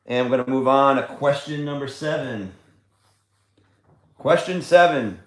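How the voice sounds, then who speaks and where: A man's voice: medium pitch, a little slow. A man hosting a casual trivia livestream from home, chatty, fond and coaxing as he talks. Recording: echoey room.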